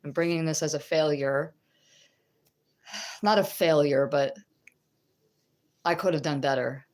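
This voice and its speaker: A middle-aged woman with a low voice teaches scripture and shares a testimony. She speaks slowly and conversationally, pausing and restarting, and keeps checking in with her listeners. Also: darkish tone. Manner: halting, with restarts. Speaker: religious teacher.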